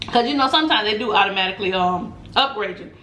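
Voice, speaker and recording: A woman vlogger telling a story in a casual chat, animated and laughing often, acting out what people said. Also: medium pitch, fast. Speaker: mukbang vlogger. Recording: roomy echo, faint background noise.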